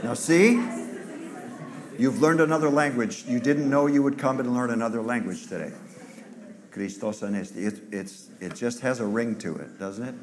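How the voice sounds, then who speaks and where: A pastor preaching an Easter sermon, animated and teasing, talking back and forth with his congregation. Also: mid-range voice, moderate pace, a crowd in the background.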